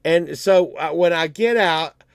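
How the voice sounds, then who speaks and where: A man's voice: fairly high pitch, measured pace, vocal fry, smooth, dry recording, clean studio sound. A man, telling a rambling, profane story on his livestream and acting out both sides of the argument.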